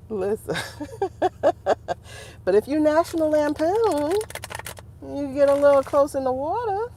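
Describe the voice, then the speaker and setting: On a relaxed livestream, an adult tarot reader with a high-sitting voice speaks at normal speed over slight background noise. She chats animatedly with viewers and laughs a lot.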